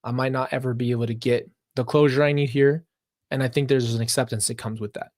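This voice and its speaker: An earnest man talks straight to his viewers during a live reaction stream, drifting into long reflective tangents. His voice sits at an ordinary male pitch and is recorded dry and close, with no room echo. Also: steady tone, quick pace, a little mellow. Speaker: reaction channel host.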